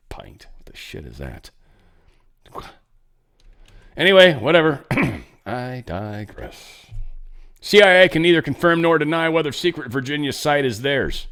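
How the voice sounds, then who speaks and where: A male podcast host riffs on the news in a loose, rambling way. He jokes and keeps interrupting himself. His voice sits at an ordinary mid pitch. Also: fairly bright tone, smooth. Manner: rambling, joking, self-interrupting. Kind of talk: casual news commentary.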